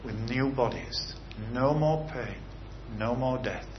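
A man's voice: mid-range voice, slow pace. An earnest male preacher delivers a sermon, swelling and dropping his voice for emphasis and asking his listeners questions. The recording sounds a little dull, with a faint hiss underneath. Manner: earnest, rising and falling emphasis with rhetorical questions. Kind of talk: sermon ending in prayer.

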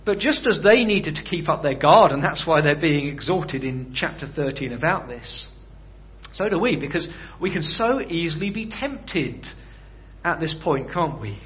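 A man's voice: fairly high pitch, lively intonation, normal speed, dull audio. A man preaching a sermon in a conversational way, often putting rhetorical questions to his listeners.

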